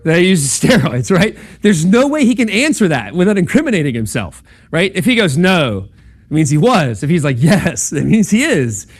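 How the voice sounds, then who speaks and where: His voice sits high with a sing-song, breathy quality, and he talks fairly quickly with few pauses. Lecturing informally at a campus talk, he stays conversational, asks "right?" and "okay?" to check in, and acts out the voices he quotes in dialogue.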